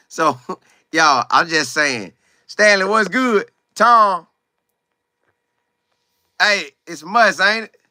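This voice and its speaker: A man hosting a casual football livestream, greeting viewers by name and talking in animated, quick bursts. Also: high voice, no echo, studio quality. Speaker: livestream host. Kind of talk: casual live chat about football.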